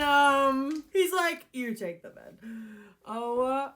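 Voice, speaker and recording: A woman's voice: fairly high pitch, expressive, normal speed, fairly bright tone, slight background noise. A woman reading a novel aloud in a casual vlog, breaking off to react, giggling and gushing over the characters. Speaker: book reader and reactor.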